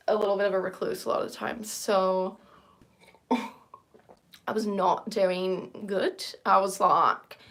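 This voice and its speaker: A woman's voice: medium pitch, fairly bright tone. A woman in her thirties hosting a casual livestream chat, rambling and self-deprecating and often laughing. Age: 30s. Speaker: livestream host.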